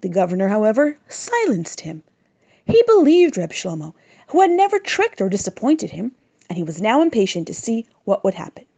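A woman reading a children's story aloud in an expressive, dramatic way. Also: medium pitch, moderate pace.

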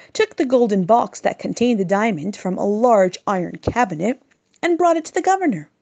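A woman reading a children's story aloud in an expressive, dramatic way. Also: mid-range voice, gravelly, slightly rough.

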